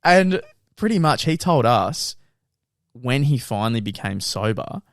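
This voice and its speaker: A man's voice: mid-range voice, animated, a little slow, no room sound. A young man telling a story on a podcast, acting out voices and laughing often. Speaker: podcast co-host. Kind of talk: casual storytelling chat.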